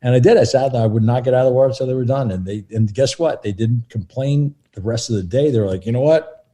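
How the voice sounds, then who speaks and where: A middle-aged man, a film assistant director, telling lively anecdotes in an interview and acting out what others said. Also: mid-range voice, fast talker. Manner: animated, acts out quotes of others.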